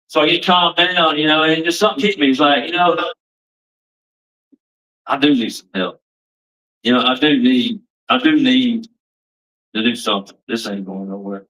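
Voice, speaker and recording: A man tells his personal testimony in a loose, rambling way, circling back and restarting his sentences. His voice is bright and a little forceful. He sounds set back from the microphone. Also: medium pitch, recorded from a distance, rough recording. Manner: rambling, restarts often, casual Southern phrasing. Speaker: testimony speaker.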